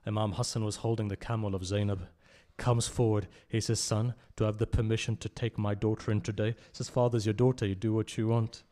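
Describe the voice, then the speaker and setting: A man speaking at a mourning gathering in a religious centre hall, reciting with passion, swelling to loud cries and dropping low again, often asking the listeners direct questions. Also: little pitch movement, a little fast, hardly any pauses.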